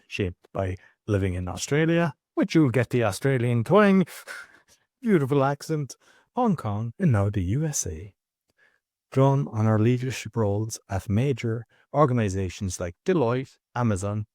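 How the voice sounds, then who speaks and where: This Irish podcast host reads an intro and then chats loosely in a casual interview, restarting often. His voice is medium in pitch with a darkish tone. The studio recording is clean, with no room sound.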